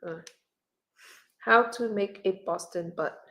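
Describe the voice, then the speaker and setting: Middle-aged lady doing a laid back livestream chat, bright voice, reads out comments and recipes as she goes. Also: medium pitch, slow pace. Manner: chatty and relaxed, reading viewer comments and recipes aloud. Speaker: livestream host. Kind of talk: casual live-stream chat. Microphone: webcam or phone on camera.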